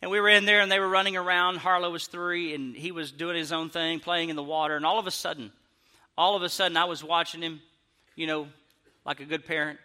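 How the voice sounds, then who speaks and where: Bright-voiced comedian. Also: male voice, a little high, a little fast. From Arkansas, US. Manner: animated, laughing, self-mocking. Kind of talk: stand-up storytelling.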